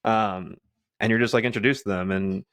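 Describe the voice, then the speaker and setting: A man's voice: on the low side, steady tone, normal speed, a bit bright, clean tone. A man co-hosting a podcast in casual chat, rambling with many restarts and fillers. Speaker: podcast co-host.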